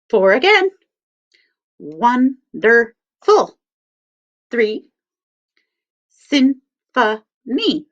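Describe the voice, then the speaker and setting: Woman teacher, picture book read-aloud for kids, slow, very lively pitch, dull lo-fi recording. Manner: slow, sing-song emphasis on words. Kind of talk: read-aloud lesson for children. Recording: dull lo-fi sound.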